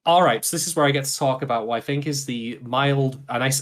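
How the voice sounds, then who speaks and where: A man co-hosting a casual podcast discussion, at an ordinary middle pitch. He is chatty and thinks aloud, often backtracking to correct himself mid-sentence. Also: fast talker. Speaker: podcast co-host.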